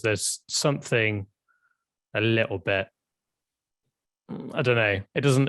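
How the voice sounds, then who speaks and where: A man's voice: on the low side, fairly bright tone, no echo. A young man co-hosting a casual podcast, speaking thoughtfully and hesitantly. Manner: hesitant, thoughtful, with frequent restarts. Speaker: podcast co-host. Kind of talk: casual chat.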